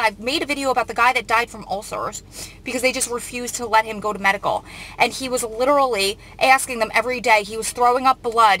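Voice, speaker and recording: Emotional bright-voiced woman vlogger. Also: a little high, low-quality recording. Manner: earnest, emotional, often close to tears. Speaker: vlogger reading and reacting to news. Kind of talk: emotional commentary on a news article.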